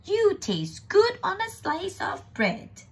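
A woman's voice: very high voice, huge pitch swings, slow pace, pitched above the performer's own voice, full character voice. A woman playing a big, gullible storybook monster. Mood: wondering. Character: huge gullible monster, easily impressed.

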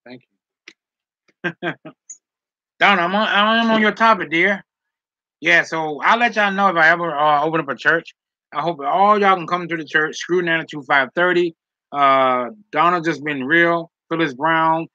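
Bright-voiced man preaching dating advice. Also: fairly high pitch, normal speed, dry recording, muffled recording. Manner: preachy, repeats "okay?" and "all right?". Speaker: live stream host giving dating advice. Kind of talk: casual live stream talk, reading chat comments.

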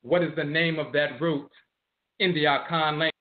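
A man giving a lecture on history and word origins, slowly explaining, repeating and spelling out terms. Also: on the high side, fairly even intonation. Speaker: teacher of ancestral religion. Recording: tinny phone-like audio.

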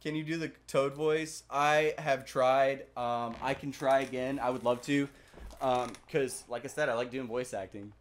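A man's voice: mid-range voice, fairly even intonation, normal speed. A young man casually commenting while he plays a video game, swearing often and chatting with viewers. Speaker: gaming video host.

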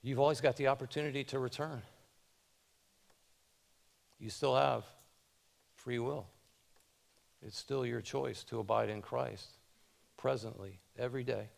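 Man preaching in measured phrases. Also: mid-range voice, gravelly. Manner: reads scripture aloud with rising emphasis. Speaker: pastor. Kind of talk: sermon.

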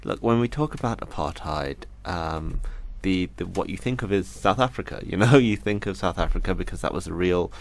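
Recounting his story to an interviewer, this young British guest speaks very low, sounding earnest and thoughtful. His delivery is full of stumbles and restarts, and he pauses to quote those he met.

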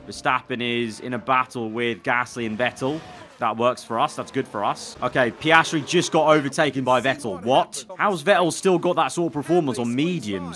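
Young male gaming YouTuber, excitable live play-by-play, crisp bright tone, soft music bed. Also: mid-range voice, normal speed. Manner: excitable, talks to himself while managing the race. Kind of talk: live game commentary.

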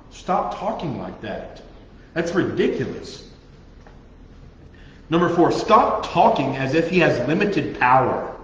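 A man preaching to a youth group, joking and animated, mimicking people's prayers. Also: on the high side, slow, long pauses, slight background noise. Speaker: youth pastor. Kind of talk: sermon. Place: youth group meeting room. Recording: echoey dull room recording.

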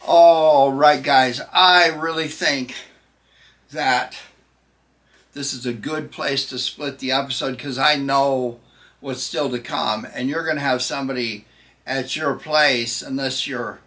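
A man's voice: medium pitch, slow pace. Easygoing man chatting through a workshop demo. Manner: relaxed, chatty, jokey, addresses viewers as guys. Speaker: guitar builder demonstrating a kit build. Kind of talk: casual workshop tutorial.

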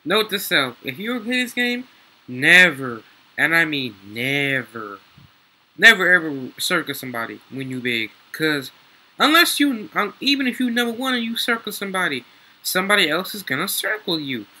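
A young man, excitedly commentating his gameplay, slangy and swearing freely. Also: on the high side, moderate pace, husky, poor audio. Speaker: gaming YouTuber.

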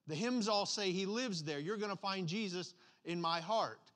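A man's voice: high-pitched, moderate pace, fairly bright tone, voice pushed up. A man voicing an earnest, faithful sick boy in a sermon story.

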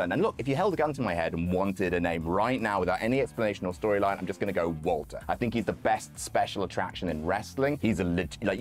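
A man giving scripted, wryly humorous narration as a wrestling commentator. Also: on the low side. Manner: wry, dry humor.

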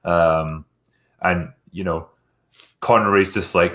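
A man's voice: deep voice, normal speed, bright, forceful tone. A man chatting casually about a film, rambling with lots of fillers and laughing often.

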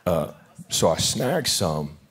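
A man's voice: deep voice, very animated, takes it slowly, fairly bright tone, husky. A man pastoring a church service, talking in an informal, heartfelt way with many restarts, then praying. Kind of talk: sermon and prayer. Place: church sanctuary.

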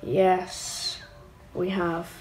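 A young woman giving excitable, playful let's-play commentary with mock-evil asides. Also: fairly low pitch, very slow, soft background music, poor audio. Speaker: gaming channel host. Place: home room.

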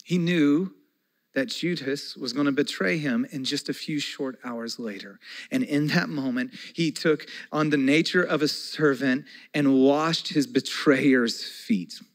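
A man's voice: mid-range voice, unhurried. A man in his forties preaching a sermon as pastor, earnest and conversational, with folksy asides.

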